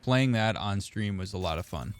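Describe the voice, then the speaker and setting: Young male streamer, low-ish voice, relaxed and chatty, calls viewers by name. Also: normal speed. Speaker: therapist streamer reading chat. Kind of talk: casual gaming stream chat.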